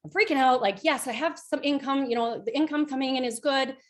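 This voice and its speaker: A woman in her thirties, a direct sales team leader, giving a chatty motivational talk on a group call, full of fillers and lively storytelling. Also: sits high, brisk.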